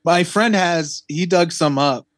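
A man chatting on a podcast, often agreeing with quick yeahs and telling short stories. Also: a little high, no room sound. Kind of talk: casual podcast chat.

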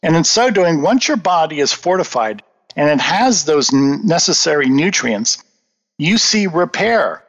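A man's voice: a little high, sing-song, unhurried, a bit bright. A man answering interview questions in an earnest, emphatic, lecturing manner. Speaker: guest. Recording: dull lo-fi audio with long reverb.

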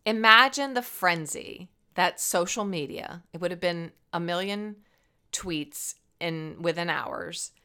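A woman's voice: on the low side, slow, sharp tone, clear, resonant tone. A woman telling a Bible story as a lesson in a playful, dramatic way. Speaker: Bible teacher.

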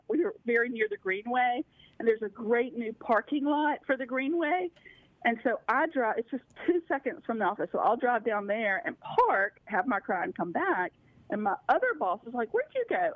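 A woman's voice: fairly high pitch, no echo. A woman calling in to a talk radio show, telling a story in a chatty, laughing way. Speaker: caller. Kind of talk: phone-in call on talk radio. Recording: tinny phone line.

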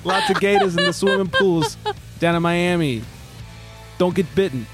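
A man's voice: high-pitched, normal speed, loud music behind the voice. A man hosting a casual podcast, reading out a countdown list in a loose, joking, foul-mouthed way. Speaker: podcast host.

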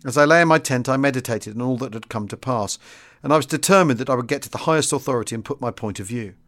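Measured man reading a memoir. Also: medium pitch, a bit bright. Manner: measured, formal first-person narration. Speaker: audiobook reader and podcast host. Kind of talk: reading a war memoir aloud.

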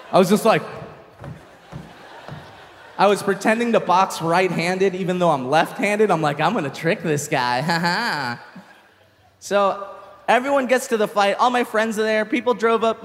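High-voiced man telling a stand-up story. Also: in a large hall. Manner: animated, swears freely, acts out shouts. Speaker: stand-up comedian.

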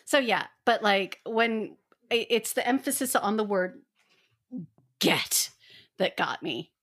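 A woman of middle pitch recaps an episode for her co-hosts in a casual fan chat. She talks animatedly and slips into quick acted-out voices for the characters. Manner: animated, acts out characters' lines in quotes. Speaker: podcast co-host.

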